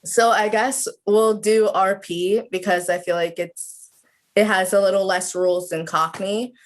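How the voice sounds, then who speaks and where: A woman's voice: medium pitch, steady tone, measured pace. A woman of about twenty, a student guest on a video call, chatting casually with lots of "like" fillers. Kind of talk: casual interview chat.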